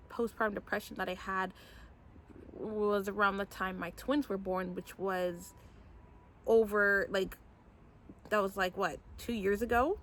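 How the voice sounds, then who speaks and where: A young adult woman, a mom vlogger, telling a personal story in a candid, animated storytime vlog. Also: mid-range voice.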